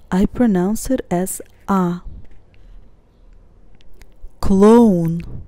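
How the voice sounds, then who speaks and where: A woman with Russian as her first language, teaching a pronunciation lesson and saying each word twice, slowly and deliberately. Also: medium pitch, mellow, no room sound. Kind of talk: slow, careful pronunciation lesson.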